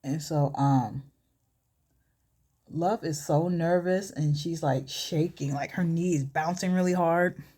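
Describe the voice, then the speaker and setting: Woman vlogger, slightly low voice, chatty storytelling with asides during a makeup tutorial. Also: slow, dark tone, husky. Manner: chatty, filler-heavy, asides to herself while working.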